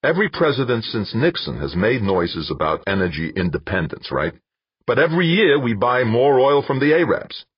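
A man's voice: lowish voice, normal speed, slightly rough, no room sound, voice pushed up, full character voice. A man doing an eager, crafty PR man. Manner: wheedling, insistent, excitable. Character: eager crafty male PR director. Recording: dull lo-fi dry recording.

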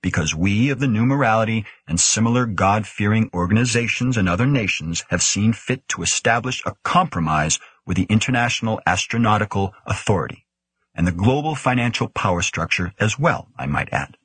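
A man voicing a stern, brooding male official who speaks gravely. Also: fairly low pitch, animated, a little fast, a bit bright, no echo.

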